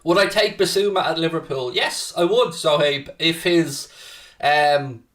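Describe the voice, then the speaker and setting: A man's voice: on the high side, a little slow, a bit bright, recorded from a distance. A man hosting a casual live football watchalong, chatting to viewers, reading out their messages and swearing freely when worked up. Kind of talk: casual live-stream chat.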